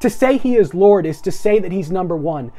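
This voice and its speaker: A young man preaching an energetic live-streamed sermon, asking viewers to repeat phrases after him. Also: sits high, brisk.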